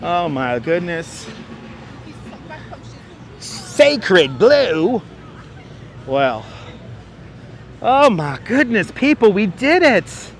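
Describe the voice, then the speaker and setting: Speaking slowly in a high, very animated voice, this man hosts a walking-tour livestream on city streets, joking with viewers, chatting casually and laughing a lot. Some chatter can be heard behind him, along with faint street noise, and he's using a wireless clip-on mic.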